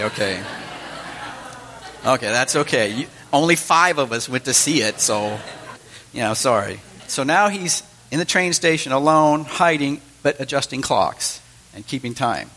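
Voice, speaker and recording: A man's voice: mid-range voice, animated, normal speed, bright, forceful tone, rough recording. A middle-aged man delivers a sermon to his congregation. His manner is easygoing and conversational, and he breaks off now and then to speak directly to his listeners. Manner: conversational teaching with asides to the congregation. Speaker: pastor.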